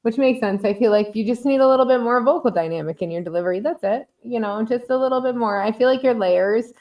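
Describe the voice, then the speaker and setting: A woman's voice: on the high side, quick pace, muffled recording. A woman giving hesitant, laughing feedback on a mix in casual review chat. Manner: hesitant, laughs often, many fillers. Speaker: music critique panelist.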